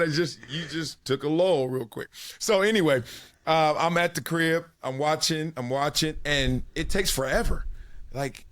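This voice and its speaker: A man in his forties from South Central Los Angeles, a former football player telling animated stories as a podcast guest, laughing and acting out the voices of people in his anecdotes. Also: a little high. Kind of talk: casual storytelling.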